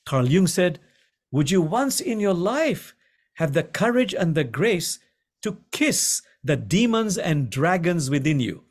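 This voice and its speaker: Gentle man teaching with lively pitch. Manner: gentle, repeats key phrases slowly for emphasis. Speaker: imam and spiritual teacher. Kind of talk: guided contemplative teaching. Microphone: video call.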